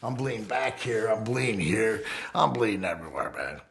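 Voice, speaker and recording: Gravelly, profane storytelling man. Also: lowish voice, lively intonation, normal speed, fairly bright tone. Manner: profane, streetwise, keeps asking "right?". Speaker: documentary interviewee. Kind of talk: casual storytelling. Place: fireside.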